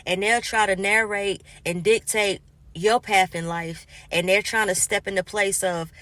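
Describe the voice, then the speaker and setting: A woman's voice: mid-range voice, measured pace, no room sound. Emphatic woman giving life advice, dry. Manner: emphatic, acts out quoted people in animated asides. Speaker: vlogger. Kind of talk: casual motivational monologue.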